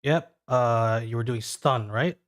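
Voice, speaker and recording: A man's voice: mid-range voice, no echo, clean studio sound. Man narrating as game master. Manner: descriptive, halting with fillers.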